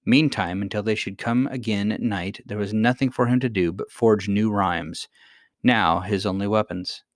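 An audiobook reader narrates a storybook in a measured, expressive way. His voice is fairly low, and the recording is dry and studio quality.

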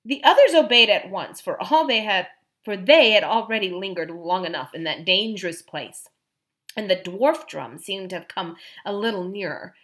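A woman narrating a children's fantasy audiobook, expressive and voicing each character. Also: medium pitch, moderate pace. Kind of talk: storybook narration.

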